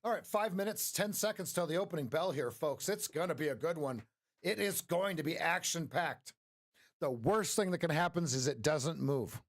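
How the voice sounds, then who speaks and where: A man's voice: fairly high pitch, expressive, normal speed, dry recording, studio quality. A man hosting a live trading stream, chatting casually and joking with viewers, laughing often.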